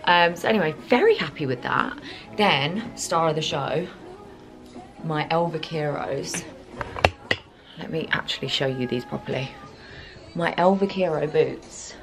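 A woman's voice: deep voice, expressive, a little slow, pauses often, soft background music. A British woman in her twenties chatting casually to her phone camera in a rambling vlog, full of ums and likes. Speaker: vlogger.

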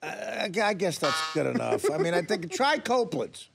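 A man's voice: sits high, very animated, moderate pace, vocal fry, background noise. A man hosting a talk radio show, teasing and mocking his weatherman in studio banter. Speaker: show host.

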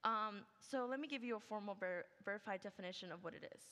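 A woman's voice: mid-range voice, fast talker, pushed and bright. A young adult woman giving a senior project presentation, chatty and upbeat, full of "like" and "okay". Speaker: student presenter. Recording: long hall reverb.

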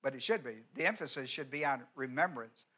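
A man's voice: mid-range voice, lively intonation, a little fast, pushed and bright, husky. A male pastor teaching an expository sermon, driving points home by repeating them and asking the congregation whether they follow. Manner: emphatic teaching, repeats key words, asks the congregation questions.

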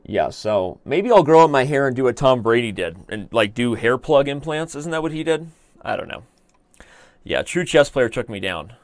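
A man's voice: mid-range voice, expressive, normal speed, no echo. A man in his thirties hosting a live stream, chatting casually and joking while he reads viewer comments aloud. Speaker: chess streamer host.

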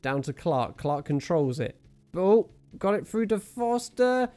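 An excitable man calls his own football game as he plays it, his voice leaping up and down all the time. He cracks jokes and chats to his viewers with faint music behind him. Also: high-pitched, a little slow. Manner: excitable, jokey, talks to viewers and himself. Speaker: gaming channel host. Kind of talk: live video game commentary.

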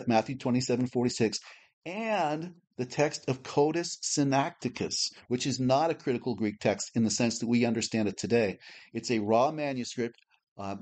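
A man teaching a Bible class, reading a prepared lesson in a measured, explanatory way and slowly spelling out letters. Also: medium pitch, a little mellow.

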